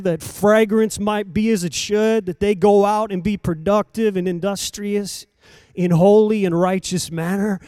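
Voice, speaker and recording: High-voiced man preaching with fervor. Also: no room sound, studio quality. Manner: swings between hushed lines and loud emphatic calls; repetitive, rhythmic preaching cadence. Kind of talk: sermon.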